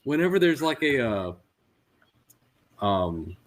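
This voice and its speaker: A man in his thirties co-hosting a podcast, telling stories in an animated way with lots of fillers and laughs. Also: medium pitch, crowd noise. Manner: animated storyteller, quick to laugh, many "like" fillers. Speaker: podcast co-host. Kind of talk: casual chat.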